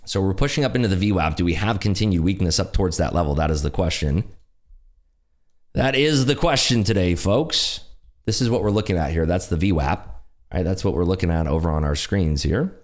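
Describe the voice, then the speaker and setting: A man hosting a live day trading stream, excitably calling market moves and chatting with viewers. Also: deep voice, a little fast. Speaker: day trading livestream host.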